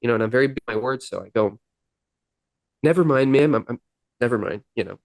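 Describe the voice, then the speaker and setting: A musician appearing as a podcast guest earnestly recounts his recovery in a sit-down interview, acting out the dialogue and coming close to tears at moments. His voice sits on the low side and is creaky, delivered in rapid-fire bursts over a dry recording.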